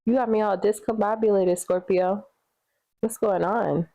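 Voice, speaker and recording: A woman's voice: medium pitch, fairly even intonation, measured pace, mellow, dull audio. A woman giving casual tarot readings, chatty and rambling with lots of fillers, laughing easily. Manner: sings song snippets between readings. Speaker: tarot reader.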